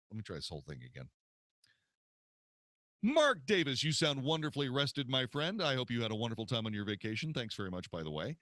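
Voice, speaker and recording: A man's voice: mid-range voice, a bit bright, dry recording. A man, a radio host, recording promo spots in a studio, telling a story with theatrical delivery and retakes.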